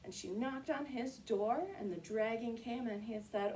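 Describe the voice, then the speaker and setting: A woman hosting a children's story time, reading a picture book aloud and leading kids through yoga poses with expressive storytelling. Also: a little high, moderate pace, few pauses, far from the mic, a little hiss or hum.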